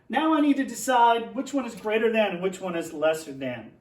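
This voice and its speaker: A man's voice: high-pitched, expressive, brisk, hardly any pauses, roomy sound, recorded from a distance. A man teaching young children, playfully reading a tongue-twister picture book aloud and then explaining a math lesson at a board.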